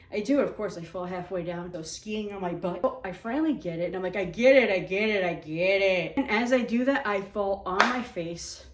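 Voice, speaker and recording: A woman telling funny personal stories in a casual, animated, self-mocking way. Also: mid-range voice, far from the mic. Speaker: storyteller. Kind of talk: casual storytelling. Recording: echoey room.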